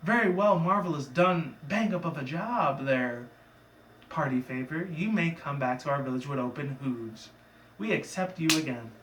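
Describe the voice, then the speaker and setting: A man's voice: animated, moderate pace, fairly bright tone, reverberant, distant mic, slight background noise. A man voicing a scheming female unicorn cult leader with a raised, preening voice. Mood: gushing. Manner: raised pitch, preening and commanding.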